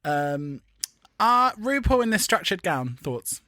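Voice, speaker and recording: A man, co-hosting a casual chat podcast, gossipy and camp with quick quips. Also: sits high, big pitch swings, sharp tone, no echo, clean studio sound. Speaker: podcast co-host.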